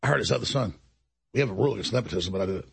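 A man's voice: on the low side, expressive, very fast, vocal fry, breathy edge. A man hosting a talk show, delivering an indignant monologue and acting out other people's lines as he tells the story. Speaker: show host.

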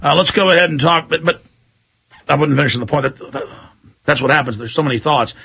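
A middle-aged man hosts a heated talk radio show. His voice is husky and gravelly but bright and forceful, and he rambles, repeats himself and slips into mocking impressions. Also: fairly high pitch, a little fast.

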